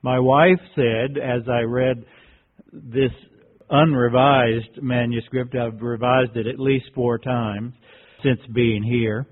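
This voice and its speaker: A man gives a reflective lecture at a slow, unhurried pace and tells a teaching story with deliberate care. His voice sits at a middle pitch. The sound is thin and tinny, like a phone line. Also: steady tone. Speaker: workshop presenter.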